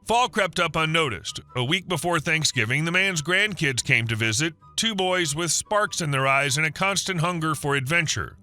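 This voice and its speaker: A male narrator reads a scripted first-person story in an even, steady storytelling manner. His voice sits somewhat high and sounds very bright. Faint music runs underneath. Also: moderate pace, hardly any pauses.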